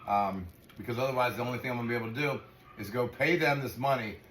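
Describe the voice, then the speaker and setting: A man's voice: medium pitch, quick pace, a bit bright. A man running a dog sanctuary, ranting in frustration and swearing freely as he talks casually to camera. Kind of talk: casual vlog talk to camera. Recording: echoey room with faint noise.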